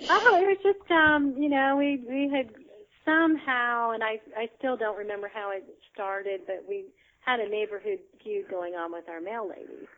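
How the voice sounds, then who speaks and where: A woman's voice: fairly high pitch, normal speed. A woman guest telling a story in casual chat, chatty, with frequent laughter and many fillers. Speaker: interview guest. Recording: tinny phone line.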